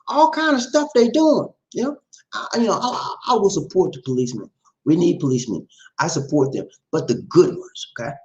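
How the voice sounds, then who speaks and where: A man's voice: mid-range voice, highs cut off. A man hosting a live stream, reading viewer comments and commenting on the news in a rambling, emphatic way, repeating his phrases and calling listeners "man". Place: lives in the Philippines. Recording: echoey room.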